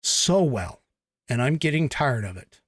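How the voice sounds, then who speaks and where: A man's voice: medium pitch, very animated, unhurried, no echo, studio quality. A man from the United States hosting a podcast, giving a blunt, emphatic political commentary monologue with profanity. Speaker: podcast host.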